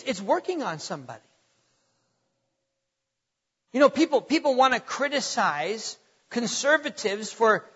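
A man's voice: very high voice, a bit bright, husky. A middle-aged man preaching a sermon with emphatic, dramatic swings in volume and pace, recorded with dull lo-fi sound and a long hall reverb.

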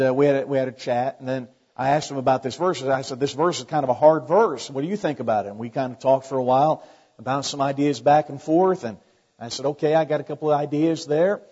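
A man's voice: medium pitch, fairly quick, warm tone, breathy edge. A man pastor preaching a conversational sermon, folksy and full of anecdotes. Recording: dull lo-fi sermon recording.

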